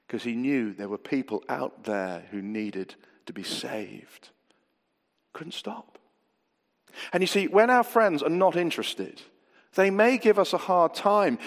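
Lively high-voiced male preacher. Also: creaky. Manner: expressive, swings between loud and hushed. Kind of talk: sermon. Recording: long hall reverb.

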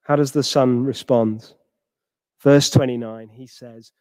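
A man's voice: steady tone, takes it slowly, darkish tone, no room sound, in a large hall. A man preaching a sermon, retelling a parable and acting out the quoted characters. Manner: acts out quoted characters with rising pitch.

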